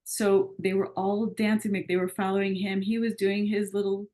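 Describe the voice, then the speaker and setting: A woman's voice: medium pitch, moderate pace. Woman coach telling a story. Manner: lively storyteller who acts out quoted dialogue. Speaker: coach and retreat leader. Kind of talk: casual conversational storytelling.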